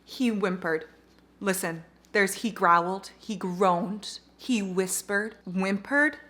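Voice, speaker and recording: A woman in her twenties chatting casually in a reading vlog, gushing and excitable, swearing freely. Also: medium pitch, takes it slowly. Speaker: reading vlogger.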